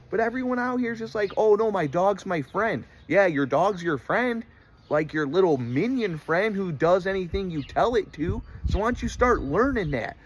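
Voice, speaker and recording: A young man from the United States rants in a comic monologue, sitting noticeably high in his range. He sounds exasperated and animated. He keeps dropping into little mimicking voices for the people he makes fun of. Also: husky. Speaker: comedian. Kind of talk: comedic rant monologue.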